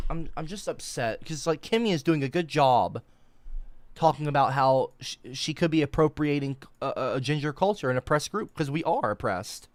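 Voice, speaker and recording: A commentator ranting over an article, stammering and repeating points for emphasis. The voice leaps up and down in pitch as the outrage builds. It sits close and dry, with no room sound. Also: animated, moderate pace, no echo. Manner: emphatic, repetitive, stammering restarts, swings high when outraged. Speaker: online commentator.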